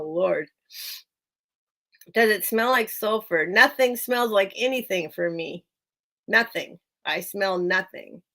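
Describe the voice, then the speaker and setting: A woman's voice: medium pitch, vocal fry, fairly bright tone. An American woman hosting a live sale stream, chatting casually with viewers by name and laughing often.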